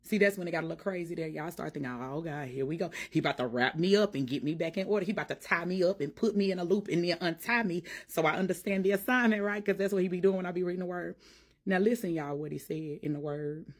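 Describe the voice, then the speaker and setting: A woman preaching to her followers in a fervent, informal church cadence, her voice climbing higher and louder as she gets worked up. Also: fast talker. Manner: fervent, rising in pitch and force as she preaches. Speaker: ministry vlogger. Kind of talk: preaching to camera.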